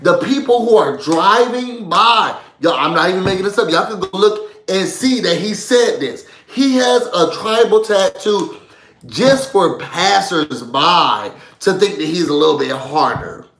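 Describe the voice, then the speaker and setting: A man's voice: high voice, expressive, measured pace, a bit bright, reverberant. A man hosting a live reality-show recap, ranting heatedly with lots of profanity. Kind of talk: live stream rant.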